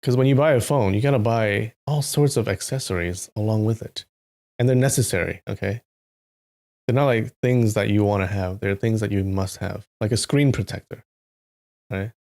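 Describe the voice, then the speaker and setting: This man's voice sits fairly low, and he keeps a moderate pace as he reads a novel on his live stream. He banters with his audience, greeting people in chat by name and adding lively side comments.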